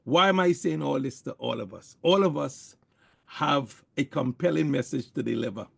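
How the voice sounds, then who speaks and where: A man's voice: mid-range voice, normal speed, gravelly, slightly rough. A man giving a motivational network marketing talk, preachy and emphatic, repeating his points over and over.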